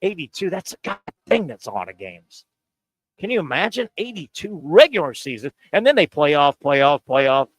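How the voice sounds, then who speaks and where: A man hosting casual sports radio banter, loud and jokey, swinging from shouting to mumbling. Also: on the high side, big pitch swings, moderate pace, slight background noise.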